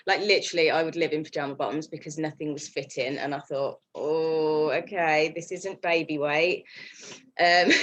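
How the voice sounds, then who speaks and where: A woman in her thirties shares her personal story in a chatty, open way. She laughs often and turns emotional at times. Her voice sits a little low. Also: rough recording. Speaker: team member sharing her story. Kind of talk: personal testimonial.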